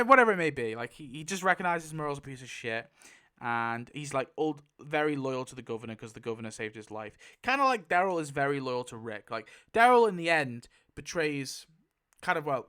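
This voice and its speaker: Excitable, laughing man chatting casually. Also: mid-range voice, brisk, clear, resonant tone. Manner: excitable, laughs often, swears freely. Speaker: YouTube host. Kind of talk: casual chat.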